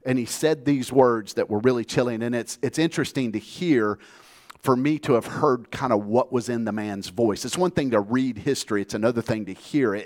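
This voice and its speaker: An American pastor preaches from the pulpit in an earnest, plainspoken manner. He tells his story steadily, with a voice of ordinary pitch for a man. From United States. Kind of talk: sermon.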